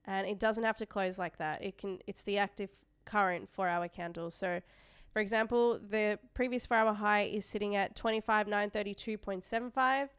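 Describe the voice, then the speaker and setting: A young woman with an Australian accent chats casually on a live stream, reading viewer comments aloud and often trailing off mid-thought before starting again. Her voice is smooth and clean. The sound is dry and close, with no room echo. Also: medium pitch, steady tone, moderate pace, few pauses, fairly bright tone. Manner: chatty, reads chat messages aloud, trails off and restarts. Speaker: livestream trading host.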